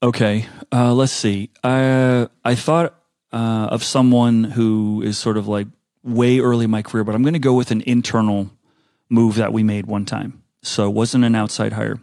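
A man chatting as a podcast guest, telling stories in an animated way with frequent restarts. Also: fairly low pitch, normal speed, dry recording, clean studio sound. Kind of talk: casual interview chat.

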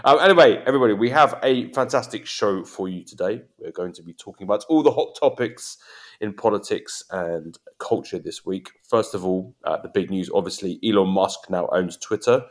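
A man hosting a political podcast in a casual, rambling way, often halting and restarting. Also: fairly low pitch. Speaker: podcast host.

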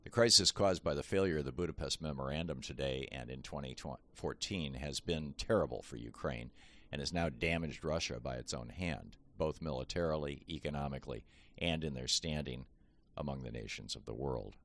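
A man, a commentator, reading his own political essay aloud in a measured, emphatic way with pointed asides. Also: very deep voice, fairly bright tone, no echo.

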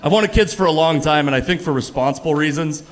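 A man in his thirties doing stand-up comedy into a stage mic, his voice sitting slightly high. He delivers every line in a punchy, animated way and spikes upward whenever a punchline lands. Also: fast. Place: comedy club stage before a laughing audience.

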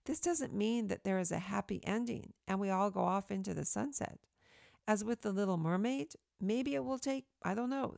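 A woman reading her own opinion essay aloud in an earnest, emphatic, steady way, recorded close to the mic. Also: mid-range voice, gravelly, no room sound.

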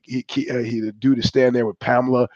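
A man's voice: mid-range voice, little pitch movement, fast, darkish tone, no room sound. An older man hosting a livestream, talking in a rambling, profane, digressive way. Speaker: host. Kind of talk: casual livestream monologue. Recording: dull, dry lo-fi stream audio.

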